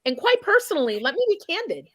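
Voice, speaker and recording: Her voice is very high and fairly bright, swinging widely in pitch, and she talks fast. As a guest chef and singer in a candid interview, she speaks bluntly and emphatically, swearing freely.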